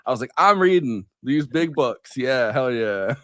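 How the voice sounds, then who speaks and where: A man of middle pitch chatting casually on a podcast, loose and unhurried, often trailing off and restarting his sentences. His voice sits close and dry, with little room sound around it. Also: expressive, fairly bright tone, no room sound. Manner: laid-back, trailing off with fillers and restarts. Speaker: podcast co-host. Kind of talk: casual chat.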